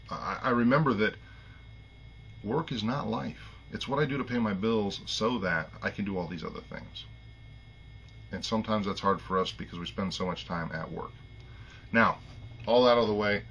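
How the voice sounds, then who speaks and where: A man's voice: on the low side, a bit bright, dull audio, a little hiss or hum. A middle-aged man talking earnestly to camera in a casual monologue, rambling and restarting, getting choked up. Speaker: vlogger.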